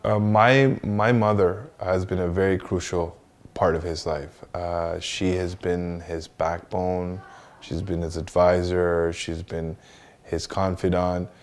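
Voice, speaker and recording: A man interviewed for a documentary, speaking reverently and in a measured way. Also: low voice, level tone. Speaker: interviewee, son of the subject.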